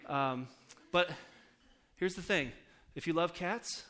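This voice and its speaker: Preaching to his congregation, this male pastor keeps things conversational, telling stories and frequently asking the audience questions. He speaks slowly in a slightly high voice with a sharp edge.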